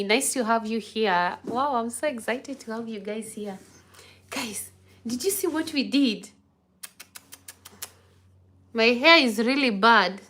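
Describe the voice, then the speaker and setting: Effusive young woman chatting on a live stream. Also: a little high. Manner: warm, effusive, thanking viewers by name. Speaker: vlog host doing a live stream. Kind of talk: casual live-stream chat with viewers. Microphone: phone camera.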